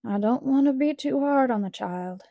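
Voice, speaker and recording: A stern, practical older guardian, voiced by a woman reading a storybook. She speaks in a brisk, matter-of-fact way, warm and slightly high, with a dry, close sound. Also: creaky, no echo.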